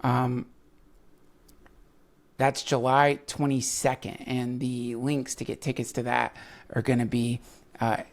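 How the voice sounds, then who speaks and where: A man's voice: mid-range voice, level tone, takes it slowly, pauses often. A man hosting a podcast, rambling through a casual ad read with fillers and self-mocking asides. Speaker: podcast host.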